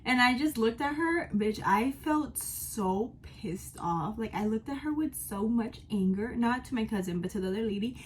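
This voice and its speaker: Getting ready at home, this vlogger in her twenties shares a frank life-update story with the camera in emphatic, casual talk. Her fairly high voice is animated, moderately paced, and has few pauses. The rough recording carries slight background noise.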